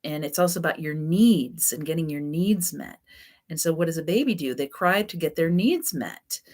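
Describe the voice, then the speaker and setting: A woman teaching a class in a relaxed, conversational way, her voice sitting low. She talks loosely, with frequent fillers and restarts. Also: normal speed. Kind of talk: casual spoken teaching.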